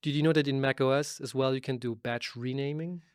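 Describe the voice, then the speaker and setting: A man co-hosting a casual tech podcast, telling animated stories full of quoted asides. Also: mid-range voice, a little fast, clear, resonant tone, no room sound, clean studio sound. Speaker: podcast co-host. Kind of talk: casual chat.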